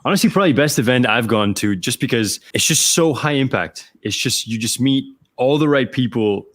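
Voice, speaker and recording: A man hosting an interview, asking questions in a quick, eager, agreeable way. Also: medium pitch, lively intonation, no room sound, studio quality. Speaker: podcast host, interviewer. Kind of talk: casual interview chat.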